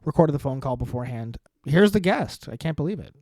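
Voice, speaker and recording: A man hosting a podcast, rambling through sardonic dark jokes in a casual monologue. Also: medium pitch, fairly quick, dry recording. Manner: sardonic, dark deadpan humor with rambling asides. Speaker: podcast host.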